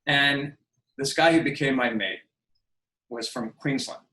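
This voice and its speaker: Man in his 50s, podcast guest, middle-pitched voice, animated storytelling, roomy echo. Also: a little slow. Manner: animated storyteller who acts out quoted dialogue. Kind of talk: casual storytelling interview.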